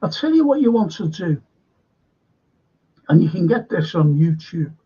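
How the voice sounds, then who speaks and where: A man in a rambling, opinionated monologue, halting and repeating words, with a sarcastic edge. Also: high-pitched, big pitch swings, warm tone, husky, muffled recording.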